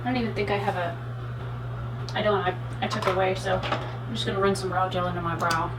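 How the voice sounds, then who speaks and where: A woman's voice: mid-range voice, fairly even intonation, fast, background noise. Chatty woman vlogger in an echoey room. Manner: chatty, rambling, frank asides. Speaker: beauty vlogger. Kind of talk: casual chat while doing makeup. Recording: roomy echo, speaking from a distance to the mic.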